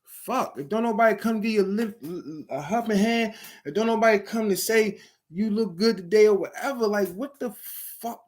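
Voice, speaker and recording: A man's voice: high-pitched, moderate pace, a little mellow. A middle-aged man giving blunt, profane advice to young people in the streets, speaking emphatically in a preachy street manner. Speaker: vlogger giving advice to at-risk youth. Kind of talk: blunt motivational talk to camera.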